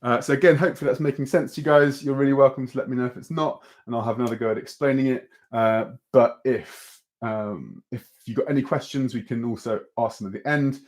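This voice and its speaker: A man's voice: medium pitch, fast, hardly any pauses. A young man teaching an online beatbox workshop, easygoing and encouraging, with lots of ums and restarts as he explains. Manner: relaxed, encouraging, full of fillers and restarts.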